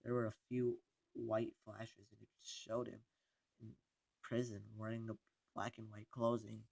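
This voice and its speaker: Low-voiced man reading haltingly. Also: level tone, gravelly, darkish tone, no echo. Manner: halting reading with frequent stumbles and restarts. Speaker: narrator. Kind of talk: creepypasta reading.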